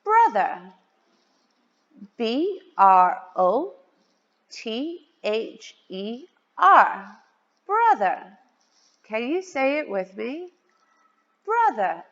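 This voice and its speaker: Woman teacher for young kids, very slow and lively sing-song delivery, words spelled out; lo-fi, reverberant sound. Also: on the high side. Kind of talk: children's vocabulary lesson. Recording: dull lo-fi sound with long reverb.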